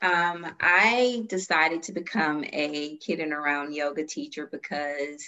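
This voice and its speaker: A woman's voice: sits low, steady tone, a little slow, bright, forceful tone, poor audio. A woman yoga teacher answering in an interview, earnest and hesitant with many fillers.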